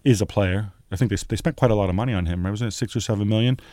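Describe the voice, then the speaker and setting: A man's voice: lowish voice, warm tone, dry recording. Man hosting a dry-sounding football chat. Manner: quick, teasing, leads the questions. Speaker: podcast host.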